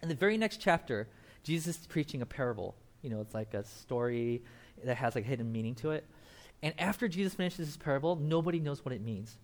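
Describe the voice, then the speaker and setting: Acting out figures from the Bible and laughing frequently, a young man preaches an easygoing sermon as pastor. He talks fast, with a voice on the high side.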